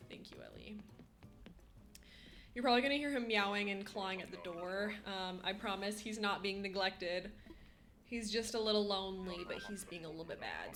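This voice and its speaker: A young woman live-streams, chatting casually with her viewers and cooing baby talk at her cat. Her voice is medium in pitch, expressive and a bit bright, at a moderate pace.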